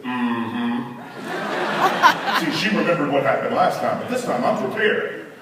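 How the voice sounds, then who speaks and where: Animated man telling stories in an echoey hall. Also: a little high, brisk, very noisy. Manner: animated, addresses audience with asides. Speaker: conference speaker. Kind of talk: humorous storytelling to a live audience. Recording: echoey hall, miked from a distance.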